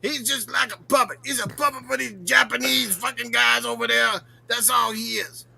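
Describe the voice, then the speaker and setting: A crude loudmouth with a dry, heavily gravelly voice pitched way up high. He barks boastful, profane rants in a comedy podcast bit, the tone hard and piercing. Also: steady tone, moderate pace, heavily acted. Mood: ranting. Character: crude loudmouth older man ranting, foul-mouthed. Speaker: regular show character answering questions.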